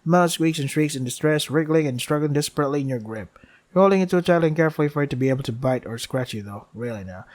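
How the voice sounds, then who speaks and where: Animated and quick-paced, a let's play gamer reads a visual novel's text aloud and mutters dry, sarcastic asides between lines. He sighs often, and the asides drop soft and low.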